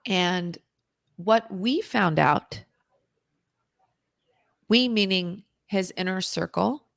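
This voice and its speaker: Woman guest spilling an intense personal story, gravelly voice, dry close sound. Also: medium pitch, very slow, dry recording. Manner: intense, dropping into hushed whispers at tense moments; vivid, dramatic retelling. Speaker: interview guest, recovery author.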